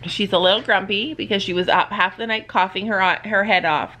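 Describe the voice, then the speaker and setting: A woman's voice: medium pitch, fairly even intonation, a little fast, bright, forceful tone. An older woman, a grandmother, chatting casually in a family vlog from a bed in her living room, playfully coaxing her grandchildren.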